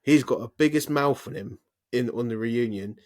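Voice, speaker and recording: A man's voice: mid-range voice, moderate pace, darkish tone. A man co-hosting a podcast in casual chat, swearing freely and ranting off on tangents. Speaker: podcast co-host.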